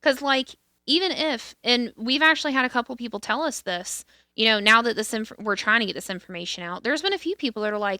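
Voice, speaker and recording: Blunt, bright-voiced woman podcast co-host. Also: fairly high pitch, expressive, fast talker, no room sound, clean studio sound. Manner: blunt and candid, swears freely, many fillers and restarts. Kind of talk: casual podcast chat.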